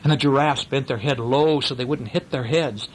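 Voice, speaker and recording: An older man reading a picture book aloud to a child, animated and pointing out the pictures. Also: mid-range voice, normal speed, a little hiss or hum, rough recording. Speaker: storyteller.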